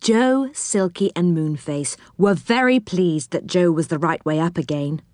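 A woman reading a children's storybook aloud in a gentle, expressive way. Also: fairly low pitch, a little slow, dry recording, clean studio sound. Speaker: narrator.

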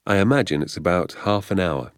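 An audiobook reader voicing an easygoing, playful father who poaches, with a calm, knowing manner. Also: deep voice, a little fast, no echo, studio quality. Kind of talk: audiobook character voice.

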